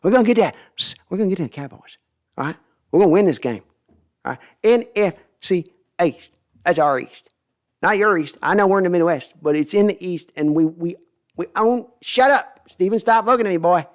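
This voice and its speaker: A man's voice: sits high, animated, fairly quick. A man voicing a blustery older football team owner with a swaggering, repetitive drawl. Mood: boastful.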